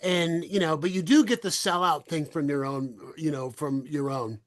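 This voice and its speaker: A middle-aged man from the Bay Area hosting a podcast, telling animated stories in casual chat and laughing freely. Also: fairly high pitch, moderate pace. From US, San Francisco Bay Area. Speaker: podcast host.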